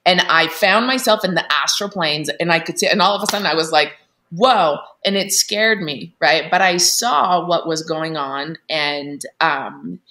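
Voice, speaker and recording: A woman guest telling a personal story in an earnest, animated way, full of fillers and restarts. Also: sits low, normal speed, few pauses. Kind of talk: candid storytelling interview.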